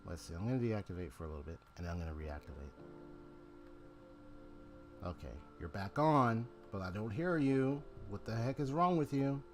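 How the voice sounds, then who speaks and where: A man with a lowish voice talks loosely to his live-stream audience, wandering through thoughts with plenty of fillers and false starts. He speaks into a desk microphone at his home gaming setup. Soft game music plays faintly behind him. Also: lively intonation, moderate pace. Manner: rambling, chatty, full of fillers and restarts. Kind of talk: casual live-stream chat.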